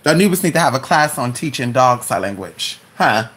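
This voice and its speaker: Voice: medium pitch, big pitch swings, moderate pace, fairly bright tone. A host chatting casually at home with viewers, calling everyone "honey" and talking to their dog between remarks. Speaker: live-stream host.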